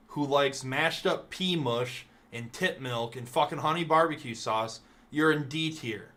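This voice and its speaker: A man with a bright, forceful voice rants live to his stream. He is emphatic and swears a lot, and his outrage is put on for laughs. He talks in an everyday chatty way. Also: medium pitch. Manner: profane, emphatic, mock-outraged. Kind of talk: casual ranking rant.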